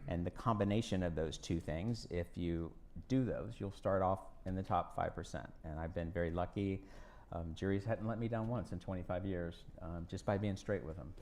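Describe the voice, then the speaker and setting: Low in pitch and darkish in tone, this man talks at a normal speed. He's a U.S. former congressman giving a guest storytelling talk in a university hall, where he mixes folksy tales and acted quotes with advice to students.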